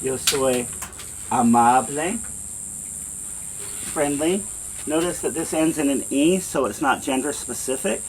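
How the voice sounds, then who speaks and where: A man teaching a beginner language lesson in a classroom, patiently repeating example phrases slowly. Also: medium pitch, slight background noise. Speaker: Spanish teacher.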